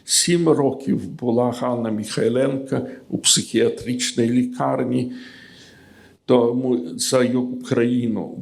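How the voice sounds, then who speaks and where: A man from Ukraine reads his poetry aloud, slow and solemn, letting each line settle before the next. His voice has a gravelly, creaky edge and sits at an ordinary middle pitch. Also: fairly even intonation. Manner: measured, solemn recitation with pauses. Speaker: poet reading his work. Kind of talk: poetry reading.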